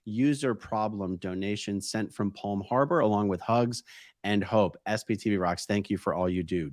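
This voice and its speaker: Male host, low voice, dry close mic, easygoing chat reader. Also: normal speed, dry recording. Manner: reads viewer comments aloud, easygoing. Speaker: host reading live chat. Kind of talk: casual livestream chat.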